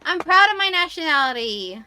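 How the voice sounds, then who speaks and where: A British woman chatting casually on a stream, animated and quick to rant, swearing freely. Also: extremely high pitch, faint music behind. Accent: British English. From United Kingdom. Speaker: VTuber streamer. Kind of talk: casual chat.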